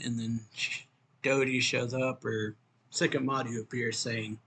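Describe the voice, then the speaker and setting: Man, mid pitch, casual comic recap, filler-heavy rambling, faint background hiss. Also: flat delivery, normal speed, bright, forceful tone. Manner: loose retelling with many fillers, lifts voice for quoted lines. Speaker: manga reviewer. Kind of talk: casual recap reading out manga dialogue.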